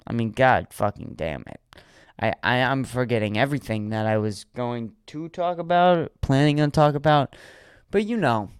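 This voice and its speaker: Brief: male comedian, solo podcast host, smooth voice, dry close sound, rambling and animated. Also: mid-range voice, normal speed, no room sound. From Erie, Pennsylvania. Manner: rambling, animated, swears freely, acts out quotes.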